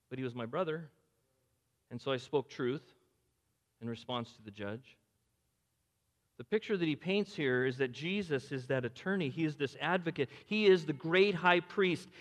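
An older man preaching a sermon as pastor, swinging between loud urgent lines and hushed, near-whispered quotes. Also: fairly high pitch. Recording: long hall reverb.

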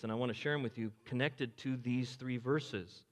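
Middle-aged male pastor, conversational sermon, mid-pitched voice, big reverberant sanctuary. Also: fairly quick, hardly any pauses. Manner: conversational and animated, swings between emphatic highs and quiet lows. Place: church sanctuary. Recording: long reverb of a large hall.

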